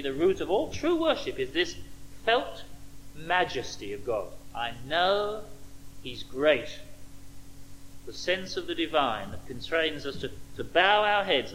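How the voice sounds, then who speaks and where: Guy preaching a sermon, kinda high voice, swings up and down a lot, leans hard on words, faint hum behind. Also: a bit bright, low-quality recording. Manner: emphatic, with dramatic pauses and stressed words.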